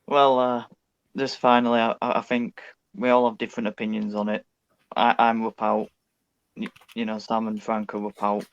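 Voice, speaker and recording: A man with a low, flat voice makes an impassioned case in a casual football fan chat, often stumbling and repeating his words. The sound is dull and lo-fi with a very dry mic. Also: normal speed, smooth, no echo. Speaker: fan guest.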